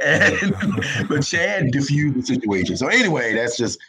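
A man's voice: mid-range voice, big pitch swings, normal speed, crowd noise, rough recording. A man with a Southern US accent, a guest writer telling a rambling story on a casual interview, laughing often and restarting his sentences.

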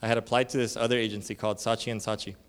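A man's voice: lowish voice, little pitch movement, rapid-fire, smooth. A male church elder giving a conference sermon, telling stories in a casual, slangy way and acting out the people in them. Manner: casual storytelling with slang and fillers; acts out dialogue with shifting voices.

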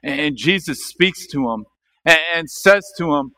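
A man delivering a sermon in a bright, ringing voice pitched a little high. He talks animatedly, posing questions straight to his listeners, then drops his voice to let them sink in. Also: animated, measured pace. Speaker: pastor.

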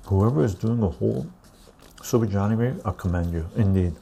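A man's voice: lowish voice, a little fast, gravelly, mellow. A man hosting a live stream, chatting loosely with viewers and reading their comments aloud. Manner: loose and chatty, reads the chat aloud, says "right?" often.

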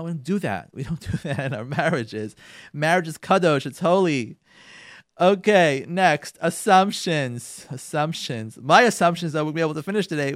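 A man's voice: fairly high pitch, no room sound, studio quality. A man hosting a radio show who gives marriage advice in an emphatic, instructive way. He often acts out what spouses say and repeats words for emphasis. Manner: emphatic and instructive, addresses listeners directly.

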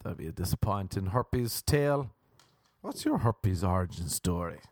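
A man's voice: low-pitched, animated, moderate pace, darkish tone, no echo. A man with an Irish accent hosting a podcast, rambling through a crude, self-mocking comic monologue. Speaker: comedian podcast host.

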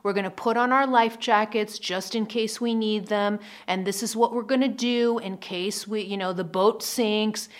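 Lady quoting a cool-headed ship captain, calm and measured, nothing rattles him. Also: mid-range voice, close to an everyday voice.

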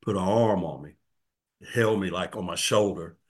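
A man in his sixties, a guest in an interview, telling his story earnestly and reflectively, often dropping to a soft, quiet voice. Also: low-pitched, normal speed, breathy edge. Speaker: guest, formerly incarcerated man.

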